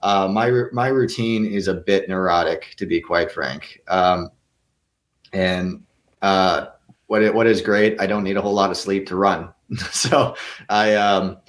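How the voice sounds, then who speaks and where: A young man gives earnest answers in a casual interview, his voice sitting a little low. He often trips over his first words and starts again before the thought comes out. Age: young adult. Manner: earnest, with many restarts and stammered repeats. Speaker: guest actor.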